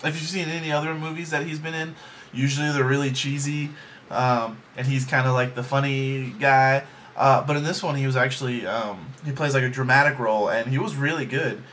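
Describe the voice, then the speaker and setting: A man's voice: medium pitch, a bit bright, a little hiss or hum. A man giving a casual, rambling movie review from his bedroom, joking along with plenty of ums and likes. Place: home bedroom.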